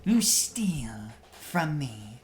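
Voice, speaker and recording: A woman voicing a menacing spider spirit woman who speaks in slow, whispery riddles. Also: low-pitched, big pitch swings, darkish tone, a little hiss or hum, full character voice. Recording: echoey room.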